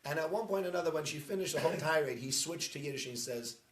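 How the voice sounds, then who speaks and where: Rabbi, chatty and animated. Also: male voice, a little high, rapid-fire, a little hiss or hum. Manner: chatty storyteller, rising into animated emphasis. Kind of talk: informal talk to a congregation, streamed live. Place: synagogue hall. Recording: roomy echo.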